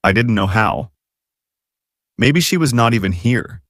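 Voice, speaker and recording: A man narrating a first-person novel in an expressive, somber way. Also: fairly low pitch, a little slow, dry recording, studio quality. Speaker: audiobook reader.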